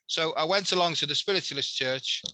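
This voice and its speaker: A man with a Liverpool accent, a guest and healer telling a story in casual chat, animated with chatty asides. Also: fairly high pitch, fairly quick, no echo, low-quality recording.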